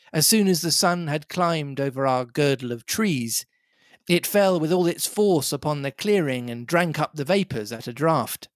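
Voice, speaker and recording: A man reads an adventure novel aloud at an even, measured storytelling pace. His voice sits mid-range and the recording is dry and close. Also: medium pitch, no room sound. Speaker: reader and podcast host. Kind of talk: reading a novel aloud with banter.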